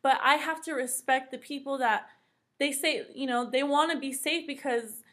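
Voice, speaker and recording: A woman's voice: high-pitched, fairly even intonation, moderate pace, fairly bright tone. A woman who is a guest on a casual podcast, speaking in an earnest, heartfelt way in long stretches.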